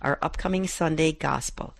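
On a Catholic radio program, a middle-aged female host rereads verses from a gospel passage and offers a devotional reflection. She speaks at a normal pace in a low register with vocal fry, and the recording is dry.

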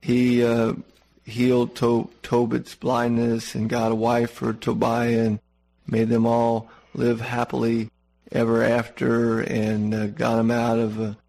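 A man's voice: medium pitch, monotone, takes it slowly, gravelly, darkish tone. A man preaching a folksy, conversational sermon who often corrects himself as he goes.

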